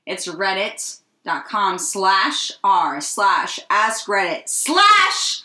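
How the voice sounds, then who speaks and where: A young woman co-hosting a podcast, telling stories in a casual, animated way, laughing and swearing often. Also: mid-range voice, extremely slow, echoey room. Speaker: podcast co-host. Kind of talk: casual chat.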